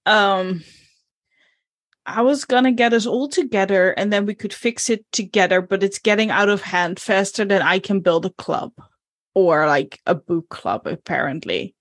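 A woman talking through her character at a tabletop game, pausing on fillers as she thinks aloud. Her voice is mid-pitched and recorded dry and close. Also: no room sound. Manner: hesitant, filler-heavy, in-character chat. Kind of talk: playing a tabletop role-playing game.

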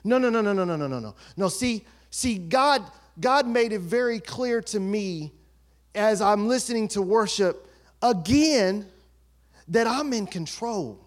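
A man preaching as a pastor, swinging between soft asides and shouted, emphatic peaks in a church. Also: sits high, lively intonation, measured pace. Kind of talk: sermon. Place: church sanctuary.

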